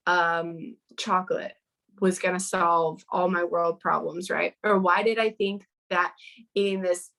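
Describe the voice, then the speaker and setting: A woman's voice: lowish voice, little pitch movement, measured pace, vocal fry, a bit bright, rough recording. Woman, guest, casual interview, earnest, chatty, fillers, video call.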